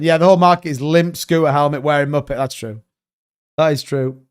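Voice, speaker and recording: Male livestream host, casual and blunt, a bit high-pitched, smooth clear voice. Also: a little fast. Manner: rambling, blunt, swears freely.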